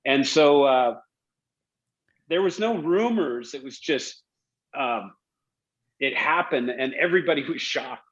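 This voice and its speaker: A man's voice: medium pitch, takes it slowly, pauses often, lo-fi sound. A middle-aged man, a former hockey player, telling stories casually in an interview and acting out the quotes. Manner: animated storyteller, acts out quotes, laughs.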